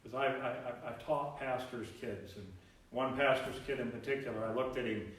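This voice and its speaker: Male pastor, lively sermon delivery, voice at middle pitch, recorded from a distance in a very echoey sanctuary. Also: normal speed. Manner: animated, acts out voices in Bible stories. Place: church sanctuary. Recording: very echoey church, mic at distance.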